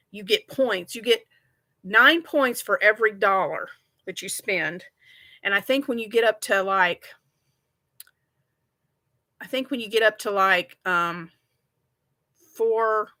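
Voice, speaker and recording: A middle-aged woman hosts a crochet livestream, chatting and rambling with viewers and laughing often. Her voice is mid-range with a sharp tone.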